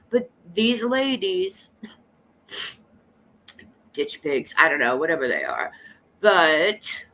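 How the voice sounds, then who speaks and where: A woman's voice: lowish voice, fairly bright tone. Blunt, rambling woman live streamer, coughing. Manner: rambling, blunt and gossipy, talking straight to chat. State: coughing with allergies. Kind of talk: casual live-stream chat with viewers.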